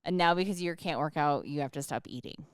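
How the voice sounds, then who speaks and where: A woman's voice: low voice, fast, clear, resonant tone, dry recording, clean studio sound. A young woman co-hosting a casual podcast chat, teasing her partner and laughing often. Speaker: podcast co-host.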